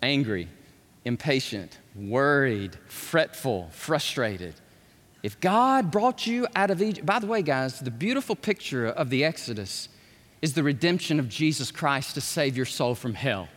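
A man preaching a sermon as pastor, animated and acting out scripture characters. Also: medium pitch, measured pace. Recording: echoey hall, voice at times far from the mic.

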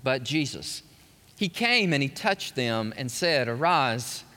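A man preaching an emphatic, animated sermon to a live congregation, putting questions to the room. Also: medium pitch, unhurried. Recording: long reverb of a large hall.

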